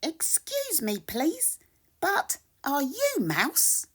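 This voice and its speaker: A woman's voice: high voice, wildly swooping pitch, extremely slow, voice pushed up, heavily acted. A woman voicing a brave, curious male kitten who asks questions politely in a storybook read-aloud.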